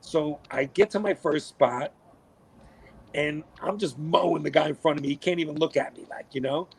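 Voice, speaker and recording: A middle-aged man, a podcast guest, telling stories in a casual, animated way, cursing freely and acting out what people said. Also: a little high, normal speed, creaky, husky, low-quality recording. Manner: animated, swears a lot, acts out quotes. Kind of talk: casual storytelling.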